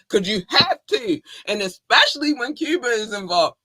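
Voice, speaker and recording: A bubbly woman, chatting on a podcast. Her voice is bright and swings all over, and the recording is close and dry. She gushes, teases and laughs her way through the talk. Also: on the high side, big pitch swings, normal speed, few pauses, no room sound. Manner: bubbly and effusive, shouting out listeners. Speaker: podcast co-host. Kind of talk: casual podcast chat.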